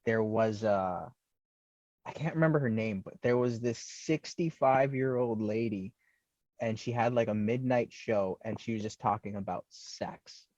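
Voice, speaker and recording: Low-voiced man hosting a podcast, lo-fi. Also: unhurried, no echo. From Toronto, Canada. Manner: relaxed, jokey, affirming with "mm-hmm". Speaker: podcast host. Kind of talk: casual podcast interview.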